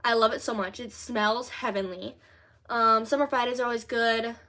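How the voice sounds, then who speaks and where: A woman's voice: fairly high pitch, steady tone, moderate pace, pushed and bright. A teenage girl from Louisiana chatting casually on her livestream, answering comments in a chatty, rambling way full of fillers. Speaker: livestream host.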